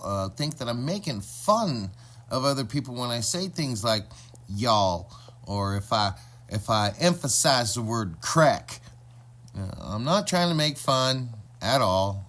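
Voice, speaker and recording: Chatty Northwest man vlogging off-road. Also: medium pitch. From Washington state, US Northwest. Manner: relaxed and chatty, with many fillers. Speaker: vlog host. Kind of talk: casual off-road vlog narration. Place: off-road vehicle outdoors on mountain trails. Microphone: phone camera. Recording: music playing underneath.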